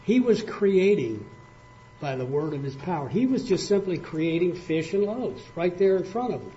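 A man's voice: sits high, expressive, normal speed, dark tone. An older man preaching a folksy sermon, telling stories in a plainspoken, conversational way with spoken fillers. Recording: muffled lo-fi recording with faint hiss.

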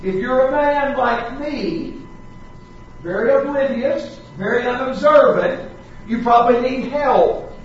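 A man preaching a sermon, slowing down to stress repeated words with dramatic weight. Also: very high-pitched, slight background noise. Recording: echoey hall, distant mic, dull sound.

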